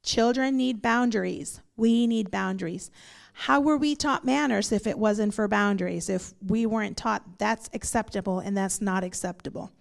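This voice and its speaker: A woman's voice: medium pitch, normal speed, vocal fry. A middle-aged woman pastor teaching a Bible study in a conversational, storytelling manner.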